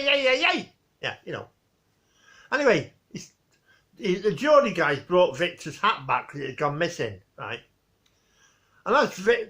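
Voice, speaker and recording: Lively high-voiced man, rambling chat. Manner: rambling, mild swearing, restarts and fillers. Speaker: vlogger. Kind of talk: casual vlog tribute.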